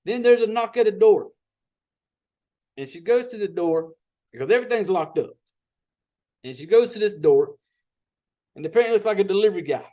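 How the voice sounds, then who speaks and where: High-voiced Southern man recapping a movie. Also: expressive, a little fast, pauses often, dark tone, highs cut off. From Southern United States. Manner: profane, rambling storyteller. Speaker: podcast host.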